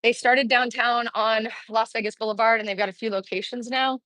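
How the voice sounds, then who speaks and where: A middle-aged woman vlogger livestreams from a phone held as she walks a town street outdoors, chatting casually. Her voice is a little high and fairly bright, with fairly even intonation and a brisk pace. She sounds chatty, upbeat and out of breath, on a low-quality recording with no echo.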